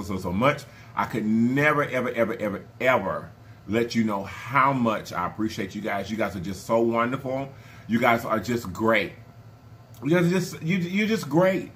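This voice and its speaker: Effusive man chatting while eating. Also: medium pitch. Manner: effusive, repeats words over and over; eating with loud appreciative murmurs. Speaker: mukbang channel host. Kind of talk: casual eating vlog chat.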